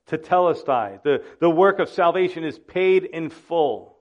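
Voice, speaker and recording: A man's voice: on the high side, a little slow. A man preaching a sermon, acting out the voices in the stories he tells. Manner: dramatic, acts out quoted voices. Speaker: pastor.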